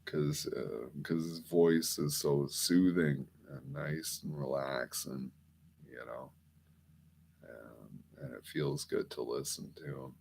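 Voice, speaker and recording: A man's voice: very deep voice, fairly even intonation, takes it slowly, gravelly, a little mellow, a little hiss or hum. A man hosting a rambling late-night monologue, meandering and swearing casually. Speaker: podcast host.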